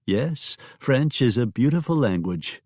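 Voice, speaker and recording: A man's voice: mid-range voice, animated, unhurried, a little mellow, dry recording, studio quality, pitched above the performer's own voice. A man voicing a gracious frontier wife. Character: young frontier wife, woman, gracious and refined.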